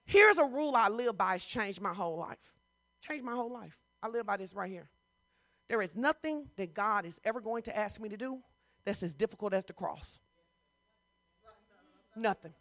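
A woman pastor preaching a sermon in a conversational, informal way, switching between loud emphasis and hushed asides. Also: mid-range voice, lively intonation, normal speed, long pauses. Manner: informal, talks straight to the congregation.

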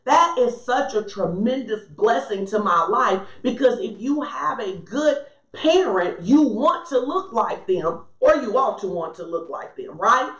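A woman's voice: a little high, animated, measured pace, reverberant, muffled recording. A woman preaching a sermon in a conversational, emphatic way, often turning to the congregation for responses.

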